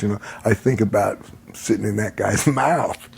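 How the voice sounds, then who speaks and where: A man's voice: on the low side, moderate pace, creaky, slight background noise. An older man telling a long personal story in casual conversation, laughing often and acting out the voices of the people in it. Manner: animated, acts out voices in his stories, laughs often. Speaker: podcast guest.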